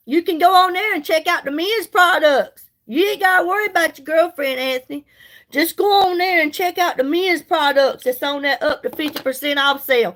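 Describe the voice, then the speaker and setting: A woman's voice: sits high, fairly quick, a bit bright, poor audio. A middle-aged woman, chatting casually and sassily with viewers on a livestream while doing her makeup. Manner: chatty, sassy, folksy, greets viewers by name. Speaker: livestream host selling products.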